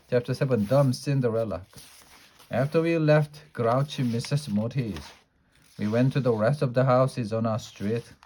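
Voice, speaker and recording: A man reading a children's chapter book aloud in a lively storytelling way, now and then stumbling over a word. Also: medium pitch, moderate pace, slight background noise. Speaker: storybook reader.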